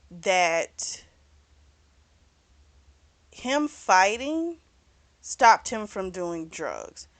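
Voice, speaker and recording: A woman's voice: mid-range voice, no echo. Casual woman, book-club host, retells plot in a chatty way, dry close mic. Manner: chatty, retells scenes with quoted lines. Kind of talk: casual book review recap.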